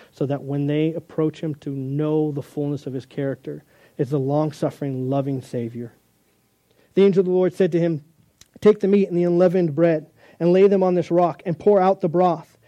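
A man preaching a sermon, reading scripture and acting out the dialogue of biblical figures with animated energy. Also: a little high, no room sound. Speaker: pastor.

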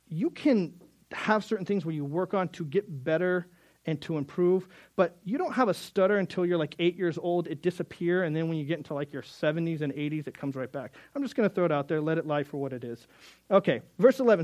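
A man's voice: a little high, a little fast, a little mellow. A man preaching a sermon as pastor, earnest, often repeating words and acting out short bits of dialogue.

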